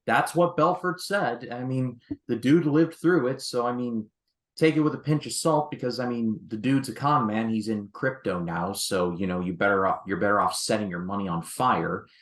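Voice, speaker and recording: A man's voice: medium pitch, moderate pace. A man co-hosting a casual film discussion, making wry, joking asides. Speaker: film review co-host. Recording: echoey room.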